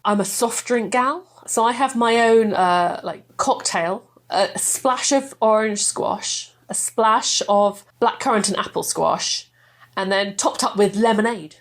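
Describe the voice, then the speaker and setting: A woman's voice: mid-range voice, slow pace. A woman, chatting enthusiastically as a podcast guest and laughing often. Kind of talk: casual chat.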